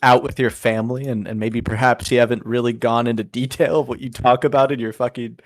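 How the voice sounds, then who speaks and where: A man's voice: mid-range voice, fairly even intonation, fast talker. A man from the United States co-hosting a crude comedy podcast, joking and self-mocking, often trailing off and restarting. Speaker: podcast co-host.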